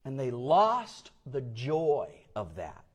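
A man preaching a sermon, swinging between hushed asides and loud emphatic peaks, acting out voices in his stories. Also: mid-range voice, huge pitch swings, slow, husky. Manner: dynamic preacher, swings from quiet to loud, acts out quotes. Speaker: pastor.

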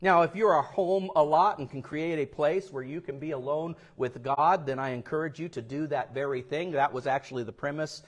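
A male pastor preaching a sermon, telling stories and acting out the people in them with big swings in loudness. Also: fairly high pitch, moderate pace, few pauses. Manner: storytelling, acts out quoted voices with big swings in loudness.

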